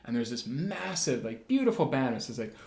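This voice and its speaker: A man who plays the bagpipes, a podcast guest telling a travel story in a lively casual way, full of "like" fillers. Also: mid-range voice, a little fast, creaky. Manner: animated storyteller, frequent "like" fillers. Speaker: bagpipe player. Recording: roomy echo.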